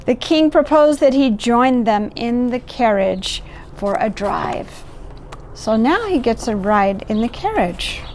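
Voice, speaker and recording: A woman's voice: on the high side, expressive, takes it slowly, a little hiss or hum. A middle-aged woman reading a picture book aloud, stopping to point out the pictures and chat about the story. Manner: warm asides, pointing out pictures. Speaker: volunteer storyteller.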